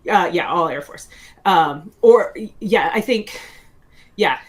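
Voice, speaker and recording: A woman's voice: fairly low pitch, expressive, slow pace. A woman in her forties, a guest author in a casual interview, telling stories in a rambling way with many fillers and restarts and frequent laughs.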